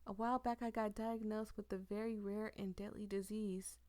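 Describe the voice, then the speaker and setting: A calm, gentle young heroine from a visual novel, read aloud by a woman. Her lines come softly and steadily, tender rather than dramatic. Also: medium pitch, moderate pace, dry recording, natural voice.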